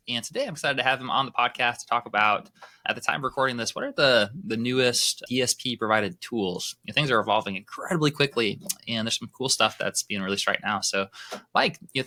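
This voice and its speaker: A man's voice: medium pitch, pushed and bright. An American man hosting a podcast interview, upbeat and jokey, laughing often. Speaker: podcast host. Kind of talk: casual interview chat.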